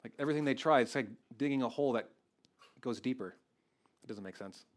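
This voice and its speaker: A man's voice: medium pitch, quick pace. A man preaching a sermon, earnest and conversational, often restarting his phrases and growing emotional. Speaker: pastor.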